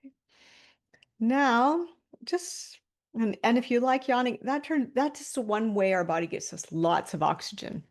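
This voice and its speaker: In a slightly high voice and at an unhurried pace, a woman leads a webinar by video call, offering guided body-awareness instruction. She calmly talks listeners through posture and breathing cues, with soft laughs between each direction.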